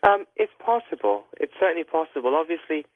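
A man, a guest doctor on a call-in radio show, explaining in a measured, hedging way with many fillers. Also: fairly high pitch, big pitch swings, no echo. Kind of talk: careful explanatory talk over a phone line. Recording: tinny dry phone line.

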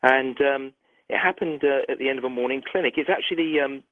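A middle-aged man, a doctor, telling a story in a phone interview, animated and restarting sentences often. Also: medium pitch, brisk, no echo. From United Kingdom. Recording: tinny dry phone line.

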